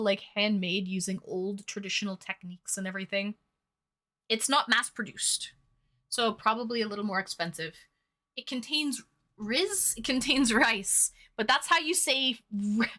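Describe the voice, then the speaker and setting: A woman's voice: medium pitch, pushed and bright. A woman hosting a live stream, chatting playfully and teasing her chat. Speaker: streamer hosting online dates.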